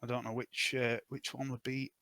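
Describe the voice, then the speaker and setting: A man serving as game master for a tabletop session, his voice bright and forceful. He talks in a halting, thinking-aloud way, full of ums and uhs. The sound is close and dry, with no room echo. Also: mid-range voice, little pitch movement. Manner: thinking aloud, hesitant with fillers. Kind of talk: running a tabletop role-playing game.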